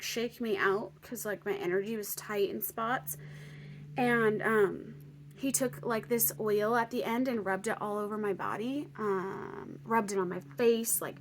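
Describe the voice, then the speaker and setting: A young woman vlogger telling a story casually, chatty with lots of fillers, dropping to whispers and bursting into excitement. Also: mid-range voice, slight background noise. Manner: chatty, lots of "like" and "um", swings between excited outbursts and hushed whispers.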